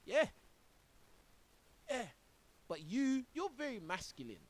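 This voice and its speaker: A man's voice: high-pitched, very animated, very slow, pauses often. A man streaming his reaction to a clip, mocking and exasperated, tossing in "bro" and laughing as he talks. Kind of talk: reaction commentary.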